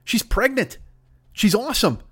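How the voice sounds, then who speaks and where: High-voiced man ranting and swearing. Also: big pitch swings, measured pace, pushed and bright, slightly rough. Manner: profane, ranting, swears constantly. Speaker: podcast host. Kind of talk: comedic rant monologue.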